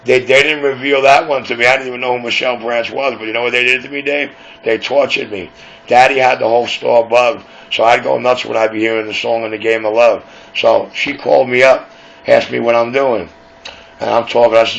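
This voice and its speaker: A man's voice: mid-range voice, steady tone, fairly quick, gravelly. A man with a New York accent hosting late-night radio, rambling and conspiratorial in casual talk. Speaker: radio show host. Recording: dull lo-fi recording with faint hiss.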